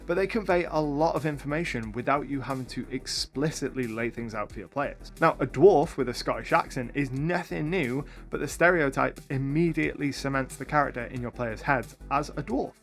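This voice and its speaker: A man hosting a tutorial for game masters, talking to camera with upbeat, lively energy. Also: mid-range voice. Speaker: YouTube host and game master.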